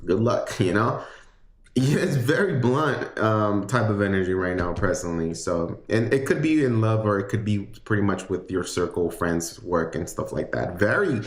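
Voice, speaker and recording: Male tarot reader, deep voice, loose rambling delivery, echoey room sound. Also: animated, normal speed. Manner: chatty, rambling, many fillers and restarts. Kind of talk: casual livestream tarot reading.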